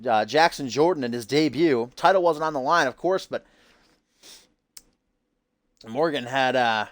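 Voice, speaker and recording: Male streamer-commentator, mid-pitched, hype but loose delivery, dry close mic. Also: unhurried, dry recording. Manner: upbeat hype, loose and casual with frequent "uh". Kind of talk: wrestling-show commentary on a game stream.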